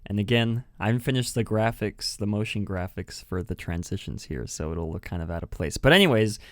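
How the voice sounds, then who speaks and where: A man's voice: on the low side, brisk, dry recording, clean studio sound. A man from New Mexico hosting a casual podcast, chatty, laughing often and restarting his sentences. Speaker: podcast host.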